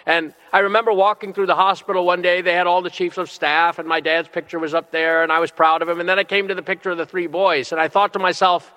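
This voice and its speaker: A middle-aged man, a bishop, preaching a sermon with earnest, slow and emphatic phrasing. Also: high voice, little pitch movement, bright, forceful tone. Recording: long reverb of a large hall.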